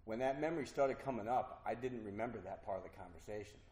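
A middle-aged man earnestly telling a personal recovery story to an audience, with halting restarts. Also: lowish voice, a little mellow. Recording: roomy hall with faint noise.

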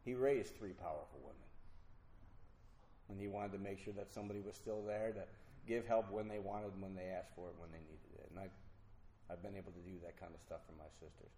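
Middle-aged man, low voice, earnest halting storyteller, roomy hall with faint noise. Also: fairly even intonation, warm tone. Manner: earnest, halting, with repeated restarts. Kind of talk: personal recovery story told to an audience.

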